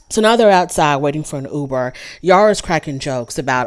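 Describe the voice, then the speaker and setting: Animated low-voiced woman recapping TV. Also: moderate pace, hardly any pauses. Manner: animated, gossipy, talks straight to viewers. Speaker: reality TV recap host. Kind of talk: casual chat review.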